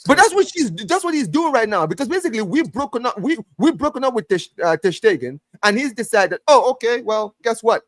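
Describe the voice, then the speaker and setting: A man rants on a football podcast, swearing freely and tripping over his own restarts. His voice sits high and swings widely in pitch. The sound is dry and close. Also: quick pace, hardly any pauses, dry recording. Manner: animated, ranting, swears a lot, restarts phrases. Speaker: podcast host. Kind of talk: heated casual football chat.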